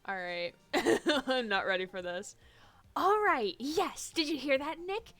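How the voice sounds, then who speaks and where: A woman's voice: high voice, expressive, a little slow, a bit bright. A young woman streaming a game, chatting casually and laughing often. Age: young adult. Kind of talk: casual let's-play chat.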